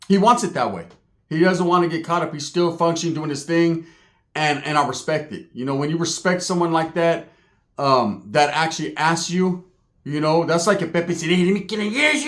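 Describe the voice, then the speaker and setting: A man telling a street story in a casual, profane way, laughing and acting out the people in it. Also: on the high side. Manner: streetwise, profane, laughing, acts out other voices.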